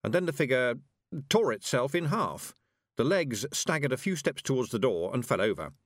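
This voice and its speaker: A man narrating a comic fantasy audiobook with dry, expressive storytelling. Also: mid-range voice, normal speed, no echo.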